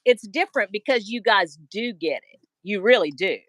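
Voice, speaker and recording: Lively Southern woman hosting a livestream. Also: mid-range voice, normal speed, no echo. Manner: warm, lively, laughs a lot. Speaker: livestream host. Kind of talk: casual livestream chat.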